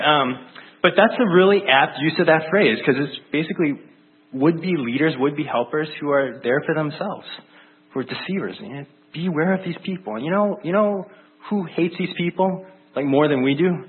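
A man's voice: on the high side, expressive, moderate pace, a little hiss or hum. A man who is a pastor, preaching a conversational sermon in a casual, chatty way with many fillers. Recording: phone-like narrow band.

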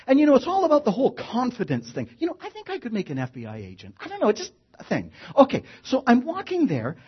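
A man telling a funny personal story in an animated, wry way, acting out the action. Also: very high-pitched, fast, hardly any pauses, husky, dull audio. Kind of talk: live comic storytelling.

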